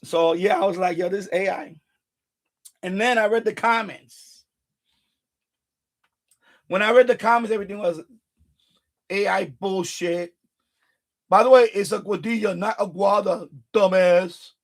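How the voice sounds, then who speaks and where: A man from Puerto Rico hosting a casual live stream chat, animated and profane, stumbling over restarts as he talks. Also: high voice, measured pace, long pauses.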